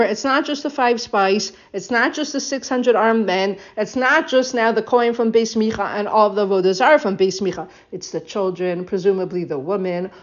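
A woman teaching a Bible text, reading each Hebrew verse and then explaining it in English with animated retelling. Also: mid-range voice. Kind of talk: text study lesson, translating verse by verse. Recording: dull lo-fi recording.

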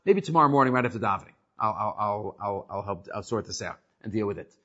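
A man voicing an older male chief rabbi who keeps calmly putting off a dispute, speaking softly and repeating himself. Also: mid-range voice, lightly acted. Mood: calm, stalling. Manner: soft, unhurried and repetitive. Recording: muffled lo-fi recording.

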